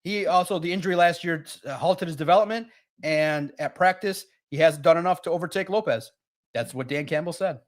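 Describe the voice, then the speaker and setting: Guy doing a sports live stream, kinda high voice, fired up, chatting with viewers. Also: fairly quick. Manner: animated, talks straight to chat viewers. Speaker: sports livestream host. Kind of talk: casual live-stream talk.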